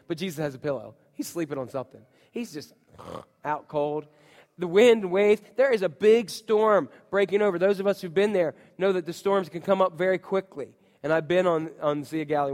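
A man preaching a sermon, telling the story in an animated way with voices, swinging from loud outbursts to hushed lines. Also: fairly high pitch, in a large hall. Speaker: pastor.

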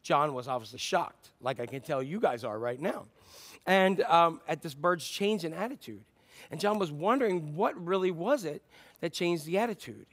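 A man's voice: fairly high pitch, animated, normal speed, a bit bright. A man preaching a sermon as pastor, telling a story in a conversational way with fillers and restarts.

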